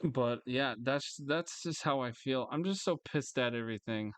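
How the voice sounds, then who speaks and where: Man, angry vlog rant, lots of swearing, repetitive, clear smooth voice, dry close sound. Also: normal speed, a bit bright, no room sound. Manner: bursts into higher mocking voices. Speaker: vlogger. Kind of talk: angry ranting monologue.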